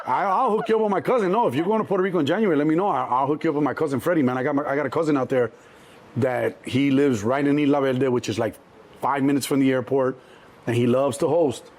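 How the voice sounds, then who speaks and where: A middle-aged man from Chicago, a guest telling animated street stories, acting out the voices in the quotes and swearing freely. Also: medium pitch, fast, slight background noise. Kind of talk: storytelling interview.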